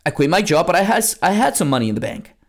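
An emphatic man delivers a motivational podcast monologue in a slightly high, gravelly voice. His pitch swings widely as he drives each point home. He talks bluntly and casually, swears now and then, and repeats lines for punch. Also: big pitch swings, quick pace. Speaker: network marketing coach and podcast host.

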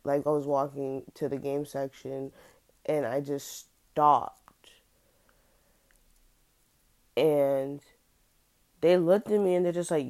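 Young adult woman, deep-set voice, unhurried and halting, recounting something personal in a casual tone. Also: steady tone, darkish tone. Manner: halting, hesitant, many fillers and restarts.

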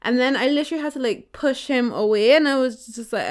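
A young woman from Barbados spills a story among friends in a fairly high voice, lively and loose. She swears freely, and she slips into the voices of the people she quotes as she goes. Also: fast talker, hardly any pauses. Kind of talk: casual chat.

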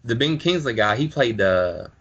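A man talking casually as a podcast co-host, halting with many fillers and repeated words. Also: medium pitch, expressive, fairly bright tone, slightly rough, muffled recording. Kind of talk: casual chat.

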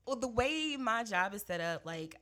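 A woman's voice: fairly high pitch, moderate pace. A woman co-hosting a podcast in casual chat, telling a story with acted-out quotes and frequent laughter. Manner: animated storytelling, acts out quotes, laughs often. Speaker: podcast co-host.

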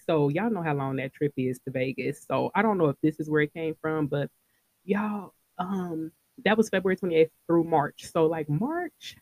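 A woman in her thirties hosting a podcast, telling a personal story in a casual, animated way and talking straight to her listeners. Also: low voice, no echo. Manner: animated, talks straight to listeners, laughs often. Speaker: podcast host.

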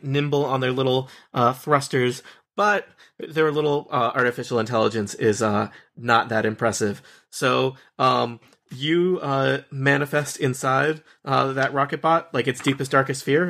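A man's voice: mid-range voice, moderate pace, gravelly, a bit bright. A man runs a tabletop game as game master. He talks in a friendly, hesitant way, with plenty of ums and restarts. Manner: hesitant, full of fillers, friendly.

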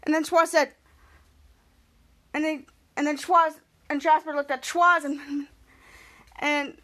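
A woman hosting a podcast, recapping a TV episode in a rambling, repetitive way and loudly acting out the quotes. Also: high-pitched. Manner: rambling, repeats herself, acts out quotes loudly. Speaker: podcast host.

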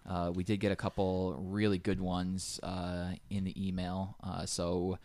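A man's voice: deep voice, unhurried. A man co-hosting a gaming podcast, chatting casually with many fillers and restarts. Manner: relaxed, rambling, many fillers. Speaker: podcast co-host.

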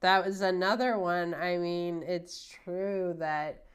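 A woman with a fairly low-pitched voice talks as a podcast guest. She rambles through her opinions in a loose, casual way and keeps dropping filler words between her points. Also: steady tone, slow, smooth.

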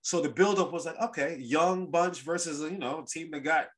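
A man hosting a casual sports podcast, telling stories in an animated, rambling way with lots of restarts. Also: fairly high pitch, moderate pace. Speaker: podcast host.

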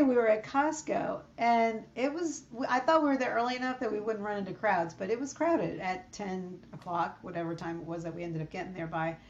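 Chatty woman with lo-fi sound. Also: on the high side. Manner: chatty storyteller, acts out quoted exchanges. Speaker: podcast co-host. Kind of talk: casual chat. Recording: slightly dull lo-fi sound.

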